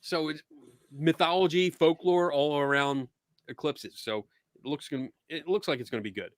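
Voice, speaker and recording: A man's voice: a little high, moderate pace, no room sound, studio quality. Easygoing middle-aged man, Philly accent. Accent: Philadelphia. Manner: easygoing, laughs often, many ums. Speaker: podcast host. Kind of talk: casual chat.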